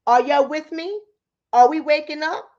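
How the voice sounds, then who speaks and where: Bronx-raised woman, New York accent, high voice, rapid and preachy, direct-to-camera, dull lo-fi audio. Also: darkish tone. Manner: fast-talking, preachy, rhetorical questions to viewers. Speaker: relationship coach and commentator.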